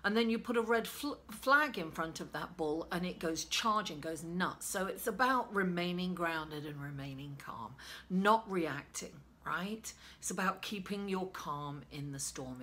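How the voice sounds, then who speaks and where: A woman with a raspy voice, hoarse from being ill, giving a chatty tarot reading and calling her listeners darling. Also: fairly low pitch, lively intonation, a little slow, a bit bright. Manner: chatty, calls listeners darling and guys, many fillers. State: hoarse from illness. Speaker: tarot reader. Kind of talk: casual tarot reading monologue.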